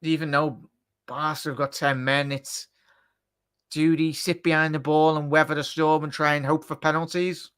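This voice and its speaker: Excitable Scouse man calling a match live. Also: a little high, normal speed, clear, resonant tone. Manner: excitable, shouts at big chances; chatty, jokey asides. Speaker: watchalong commentator.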